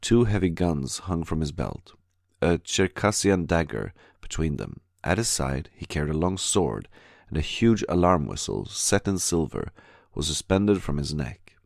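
A man reading a diary audiobook aloud in a measured, steady scripted narration. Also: a bass voice, gravelly, dry recording, clean studio sound.

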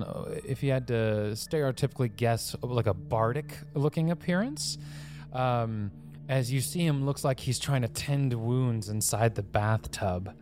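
A man running a tabletop game, describing scenes in an unhurried way with frequent fillers. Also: medium pitch. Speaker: game master.

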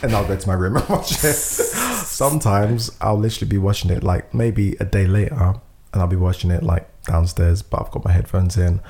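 A young man, telling a story in casual podcast chat, lively, laughing often and swearing freely. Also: fairly low pitch, fairly quick, slight background noise. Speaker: podcast co-host.

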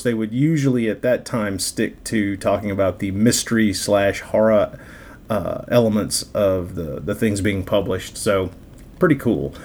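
A man hosting a podcast, talking casually and with enthusiasm, often halting on fillers and restarts. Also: fairly low pitch, darkish tone, a little hiss or hum. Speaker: podcast host.

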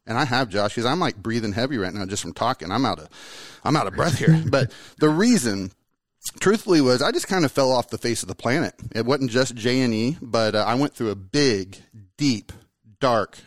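A man hosting his own podcast in casual, energetic chat, joking and rambling as he talks to a guest. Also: mid-range voice, dry recording. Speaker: podcast host.

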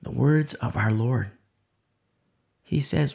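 A woman's voice: deep voice, big pitch swings, moderate pace. A woman pastor delivering a sermon emphatically, repeating key phrases and dropping to near-whispers.

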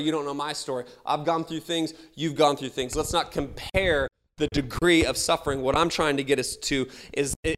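Dynamic preaching man swinging loud and soft. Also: a little high. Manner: dynamic preacher, rising loud and dropping soft, repeats key lines. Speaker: pastor. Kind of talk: sermon.

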